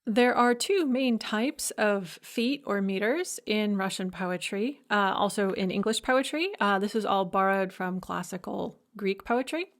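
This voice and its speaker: A woman's voice: medium pitch, unhurried, few pauses. A woman giving a recorded lecture, explaining step by step with enthusiasm and humming rhythms to illustrate.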